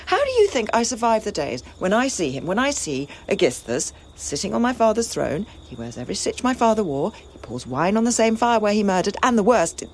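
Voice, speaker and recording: A woman playing a grieving, defiant young princess in a classical drama, with a breathy voice and impassioned lament. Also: medium pitch, sing-song, a little hiss or hum. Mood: bitter. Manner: impassioned lament, slow and swinging.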